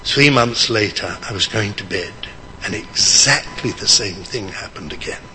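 A man's voice: fairly low pitch, unhurried, slight background noise, poor audio. An older man telling a personal faith story, acting out the people in it. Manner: animated storyteller, acting out quotes. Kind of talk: testimony storytelling.

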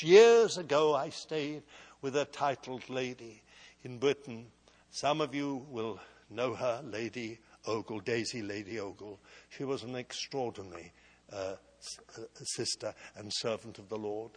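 A man preaching a sermon, telling a personal story with slow, emphatic delivery and big swings from loud to quiet. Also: medium pitch, husky. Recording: long hall reverb.

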